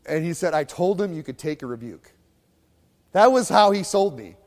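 A man preaching a sermon in a fiery, mocking way, swinging between loud bursts and hushed asides. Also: on the high side, expressive, normal speed, long reverb tail. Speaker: pastor.

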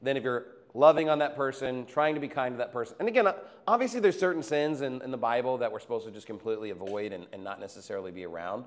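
A man's voice: mid-range voice, quick pace, few pauses. A male pastor preaching a sermon in a conversational way, reading scripture and acting out everyday quotes.

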